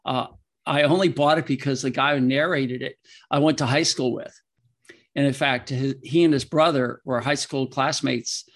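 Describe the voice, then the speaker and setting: A man who is a veterinarian and author answers interview questions casually, telling rambling, emotional anecdotes and laughing frequently. His voice is medium-pitched, with fairly even intonation and normal speed.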